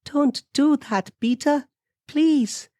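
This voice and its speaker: A man voicing a distressed young wife, pitching his voice far up into a pleading, high register. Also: slow pace, warm tone, no echo, clean studio sound.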